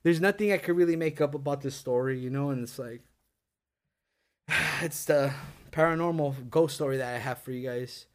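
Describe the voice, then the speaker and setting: A man's voice: mid-range voice, moderate pace. A young man telling a ghost story on a casual podcast, rambling and swearing, packing every sentence with "like" and "dude". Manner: rambling, profane, full of "like" and "dude".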